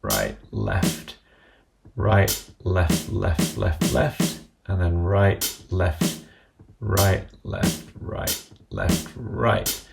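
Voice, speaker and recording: Deep gravelly man explaining an app. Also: drawn-out words, loud music behind the voice. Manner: calm step-by-step explaining. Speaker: app tutorial presenter. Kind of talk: screen-recorded app tutorial.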